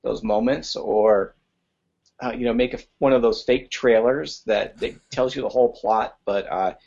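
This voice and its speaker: Casting: gravelly, husky-voiced man in his 40s, hesitant podcast co-host, dull lo-fi recording. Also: medium pitch, expressive, moderate pace, darkish tone. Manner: rambling, hesitant, many fillers. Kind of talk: casual chat. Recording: dull lo-fi sound.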